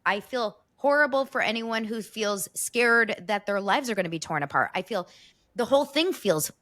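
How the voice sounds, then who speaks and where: A woman co-hosting a podcast in casual chat, rambling and halting with frequent restarts. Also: on the high side, animated, fairly bright tone. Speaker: podcast co-host.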